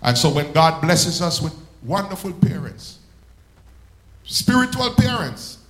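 Male preacher, high bright voice, echoey church, slows way down to stress words. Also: very animated. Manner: preaching with sudden swells and slow drawn-out emphasis. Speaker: pastor. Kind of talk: sermon.

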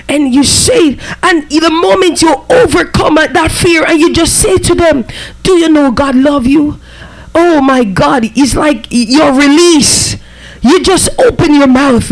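A man's voice: extremely high pitch, poor audio. A man preaching a fervent sermon, breaking in often with amen and praise be to God.

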